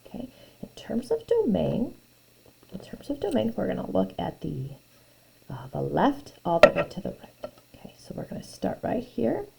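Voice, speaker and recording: A woman's voice: medium pitch, wildly swooping pitch, normal speed, vocal fry, noisy background. A woman math teacher talking through graph problems in a recorded lesson, thinking aloud, repeating her phrases and often dropping to a near-whisper.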